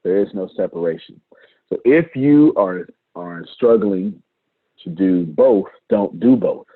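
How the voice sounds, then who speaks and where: Low husky man on a tinny call. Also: lively intonation, unhurried, dry recording. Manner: emphatic, repeats phrases for effect. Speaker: business coach leading a team meeting. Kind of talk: live team meeting talk, coaching. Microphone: video call. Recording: dry, tinny phone-like call audio.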